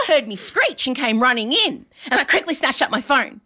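An Australian woman in her forties tells stories on a podcast. She talks with a bright, ringing voice and acts out every voice. Her pitch sits a little high and swings widely. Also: fast talker, hardly any pauses, faint music behind. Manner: animated storyteller, acts out voices. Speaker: podcast co-host. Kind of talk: casual chat.

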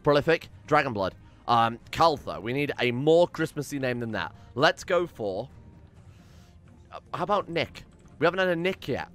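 A man's voice: mid-range voice, big pitch swings, normal speed, a bit bright. A man giving rambling, swearing let's-play commentary on a strategy game and reading out its event text with drama. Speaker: gaming channel host.

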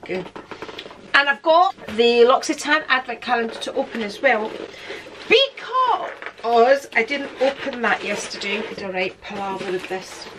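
A woman's voice: on the high side, lively intonation, measured pace, background noise. A woman vlogging casually to camera in her room at home, chatting, laughing often and sometimes talking with food in her mouth.

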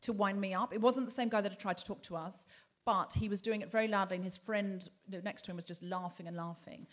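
A woman's voice: medium pitch, steady tone, fast. A woman hosting a live comedy podcast on stage, telling a story and acting out other people's lines. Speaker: podcast host. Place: theatre stage before a live audience.

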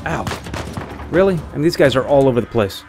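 A young man giving lively let's-play commentary, exclaiming and laughing often as he plays a shooter game. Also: mid-range voice, a little fast, noisy background. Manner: excitable, frequent exclamations and laughs. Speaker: gamer. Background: game music and gunfire.

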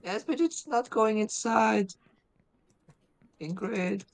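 A woman's voice: fairly high pitch, expressive, takes it slowly, vocal fry. A woman gamer talking in a dry, matter-of-fact way during co-op play. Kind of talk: casual co-op gameplay chat.

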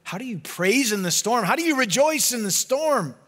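A pastor delivers a sermon at normal speed, animated, often dropping to a hushed low voice for emphasis.

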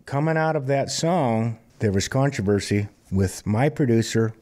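A man in his fifties from Montana, a singer-songwriter telling plainspoken stories in a relaxed interview. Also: medium pitch, moderate pace. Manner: relaxed, plainspoken anecdotal storyteller. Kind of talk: conversational storytelling interview.

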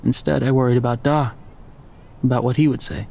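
A man giving measured, quiet first-person narration of a scripted audiobook story. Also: mid-range voice, steady tone, gravelly.

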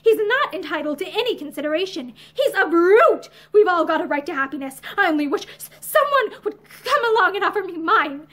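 Woman reading doing a stubborn upset young lady, high voice, pushing hard. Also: lively intonation, brisk, hardly any pauses, fairly bright tone. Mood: vehement. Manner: emotional, vehement, tearful.

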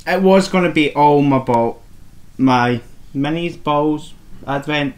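A man's voice: a little high, takes it slowly. A man co-hosting a crafting podcast at home, chatting casually and showing off yarn to the camera. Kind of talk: casual chat. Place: home, at a table. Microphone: camera on a table.

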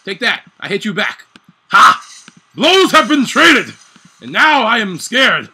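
High-pitched, excitable gaming man. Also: brisk, slight background noise. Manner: excitable, panicky, swears constantly, shouts in bursts. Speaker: gaming channel host. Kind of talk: live gameplay commentary.

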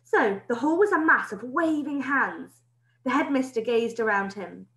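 Teacher lady reading a kids book aloud, lively voice, echoey room. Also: a little high, a little slow. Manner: expressive storytelling. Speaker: primary school teacher. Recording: roomy echo.

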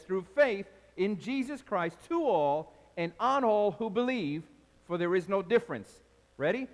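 Male pastor, high lively voice, energetic sermon, long hall reverb. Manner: animated preaching, calls out to the congregation. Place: large church hall.

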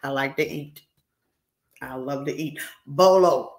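A woman's voice: very deep voice, little pitch movement, a little slow. Brash, profane woman in her sixties. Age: 60s. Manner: brash, profane, teasing scolding. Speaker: livestreamer. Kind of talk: casual live-stream chat with viewers. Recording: roomy echo.

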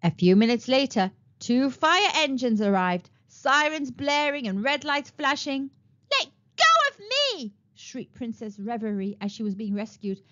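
A woman narrating a children's picture book aloud with expressive storytelling, on a dull lo-fi recording. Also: a little high, normal speed, few pauses. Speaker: storytime reader.

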